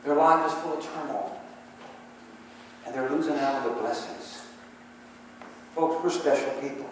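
Speaking at a measured pace in a fairly high voice, a man delivers a sermon in a church sanctuary, alternating emphatic calls for response with conversational storytelling. There's slight background noise, and he's recorded far off in an echoing hall.

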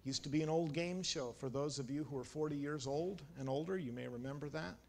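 A man preaching a sermon in a church, telling stories with dramatic swings in pitch and volume. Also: fairly quick, creaky, darkish tone, a little hiss or hum.

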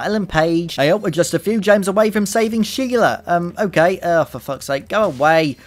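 A man doing sarcastic, profane, excitable commentary while playing a video game, recorded into a desk microphone. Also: high-pitched, moderate pace, hardly any pauses. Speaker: let's play commentator.

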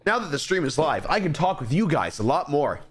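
A man's voice: on the high side, a little fast. A young man streaming a game live, rambling and joking as he plays. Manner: rambling, excitable, jokey. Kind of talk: live gameplay commentary.

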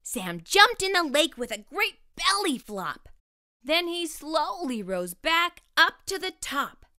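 A woman reading a rhyming children's picture book aloud, slow and expressive. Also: sits high, no echo, studio quality. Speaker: storyteller. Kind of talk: children's storybook read-aloud.

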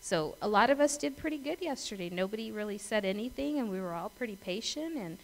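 A woman's voice: mid-range voice, animated, quick pace, gravelly, poor audio. Chatty middle-aged woman pastor preaching. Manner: chatty storytelling, asks the congregation questions; acts out voices and laughs in her stories. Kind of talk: conversational sermon.

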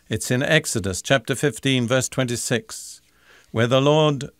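An older man teaching the Bible in a deliberate, emphatic sermon style, repeating key phrases. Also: medium pitch, dry recording.

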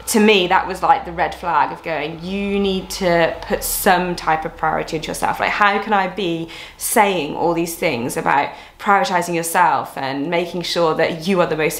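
A woman's voice: fairly low pitch, reverberant. A young woman, a fitness coach, talking candidly to her camera in an earnest, reflective, rambling way.

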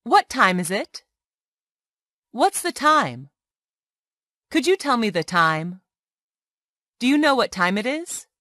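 A woman reads practice phrases aloud like an English tutor. She speaks slowly and clearly, and her pitch rises and falls a lot from line to line. The sound is dry, with no room around it. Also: no echo. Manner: slow, clear, expressive phrase reading.

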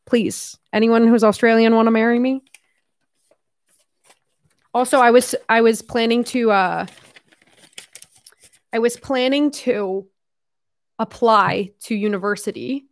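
A young Canadian woman talks casually to her viewers, rambling and dropping fillers as she goes. Her medium-pitched voice sounds close and dry, with no room around it. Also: no echo. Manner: chatty, rambling, heavy use of fillers and "like". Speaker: YouTuber opening fan mail. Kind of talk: casual vlog chat.

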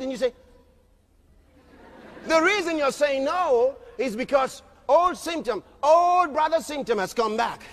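A man preaching a sermon as a pastor, emphatic, often shouting and questioning his crowd. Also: very high-pitched. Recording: long reverb of a large hall.

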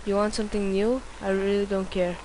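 A woman doing let's play commentary, excitable, swearing a lot and yelling at the game. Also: mid-range voice, brisk, slight background noise. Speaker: gameplay commentator.

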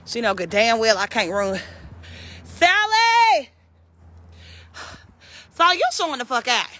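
A woman's voice: mid-range voice, a little fast, sharp tone, no echo. A woman calling and scolding her farm animals outdoors, as if they were naughty kids. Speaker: vlogger. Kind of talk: casual chat while calling farm animals.

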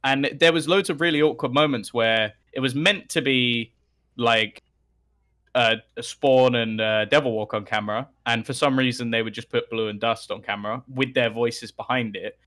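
A young man, an esports caster, telling anecdotes in a casual podcast chat, animated, with laughs and frequent restarts. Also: mid-range voice, moderate pace.

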